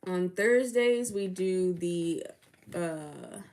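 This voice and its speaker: A woman's voice: fairly low pitch, lively intonation, very slow, darkish tone. A woman hosting a casual livestream of readings, chatty and laughing often, greeting viewers by name. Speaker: livestream tarot reader and host.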